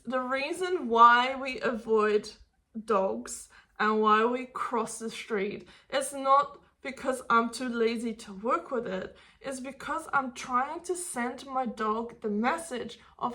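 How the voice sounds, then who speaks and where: A woman's voice: a little high, takes it slowly, pushed and bright. A woman dog trainer giving blunt advice to camera, swearing and firing rhetorical questions.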